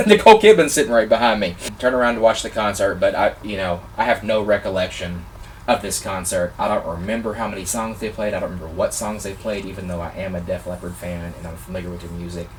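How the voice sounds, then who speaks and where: A man vlogger telling a personal story in a casual, excitable, animated way, gushing like a fan. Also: low-pitched, fast talker, far from the mic, a little hiss or hum.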